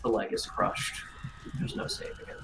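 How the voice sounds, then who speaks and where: A man as game master, narrating a tabletop role-playing scene in a grave, unhurried second-person storytelling manner. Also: noisy background.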